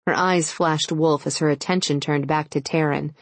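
A woman narrating an audiobook in an even, measured storytelling manner. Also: deep voice, no room sound. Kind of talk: scripted narration.

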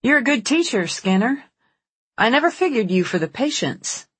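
A reader voicing brisk young ranch manager woman. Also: mid-range voice, very animated, fairly bright tone, breathy edge, no echo, voice pushed up. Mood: teasing. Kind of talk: audiobook character voice.

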